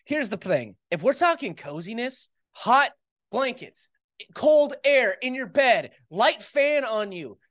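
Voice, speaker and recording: A man's voice: very high voice, big pitch swings, slow, a bit bright. A man co-hosting a podcast in a casual, comedic chat, spinning goofy hypotheticals and swearing freely. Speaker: podcast co-host.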